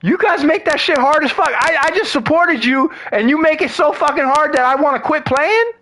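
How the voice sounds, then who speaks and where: A man with a strikingly high, bright voice rants casually about games, swearing freely and trailing off into slangy asides. His delivery is exasperated and conversational. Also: moderate pace. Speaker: gaming vlogger. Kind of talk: ranting casual monologue.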